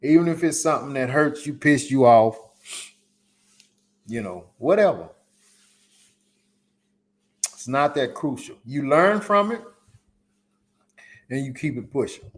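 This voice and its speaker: A man's voice: mid-range voice, animated, measured pace, pauses often. A man hosting a solo live podcast, giving emphatic, repetitive advice in casual slang. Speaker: podcast host. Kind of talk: solo live-stream commentary.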